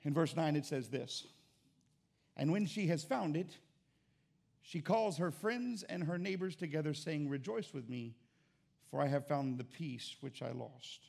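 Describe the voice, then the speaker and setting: A man preaching a sermon as pastor, fervent, moving between quiet and loud. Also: fairly high pitch, animated, a little slow, creaky. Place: church.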